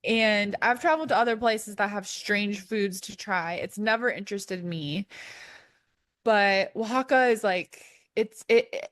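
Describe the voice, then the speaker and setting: A woman's voice: medium pitch, unhurried, dry recording, studio quality. Giggly young woman rambling her stories. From Wisconsin, US. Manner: giggly, rambling, animated storytelling. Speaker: podcast co-host. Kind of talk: casual chat.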